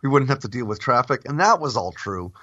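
A man's voice: mid-range voice, animated, a little fast, a bit bright, no echo, dull audio. A man in his thirties in a casual chat, earnest and thinking aloud, with easy laughs. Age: 30s.

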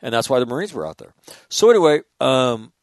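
Animated man in his sixties, dry sound. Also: mid-range voice, brisk, no room sound. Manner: profane, animated anecdotes. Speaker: guest, former military officer. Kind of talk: casual storytelling.

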